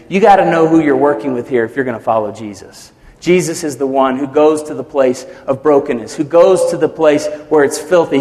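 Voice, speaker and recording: Male pastor, animated sermon delivery with dramatic swells, fairly high voice, long hall reverb. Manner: animated preaching, acting out quotes with swells and drops.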